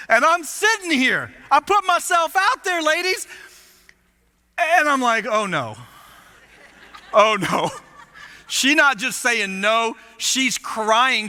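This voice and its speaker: A man preaching as lead pastor, telling a story in an animated, self-mocking way. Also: very high voice, smooth. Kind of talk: storytelling sermon. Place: church auditorium. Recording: long hall reverb.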